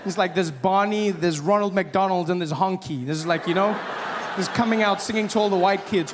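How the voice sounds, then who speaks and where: A man performing stand-up comedy in a live venue, with a fairly high voice. He is playful, slips into characters, and breaks into loud shouts. Faint room noise sits behind him. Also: brisk.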